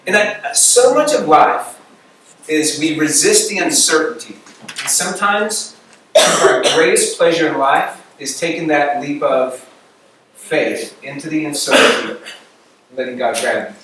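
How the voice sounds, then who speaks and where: A young man giving a casual campus sermon, animated storytelling that acts out the people he quotes. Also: on the high side, unhurried, a little hiss or hum. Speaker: campus ministry speaker. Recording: echoey room recording from far off.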